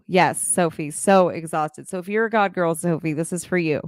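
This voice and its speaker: A woman's voice: fairly low pitch, moderate pace, smooth, no echo, clean studio sound. A woman giving an earnest, emotional faith talk to business leaders on a live stream, speaking straight to her viewers. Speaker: childcare business coach and owner.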